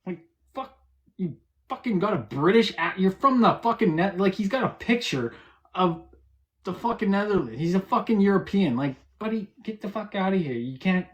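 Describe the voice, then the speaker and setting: A man's voice: sits high, animated, moderate pace, dull audio. Profane, combative male streamer. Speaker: livestream host. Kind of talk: heated live-stream argument.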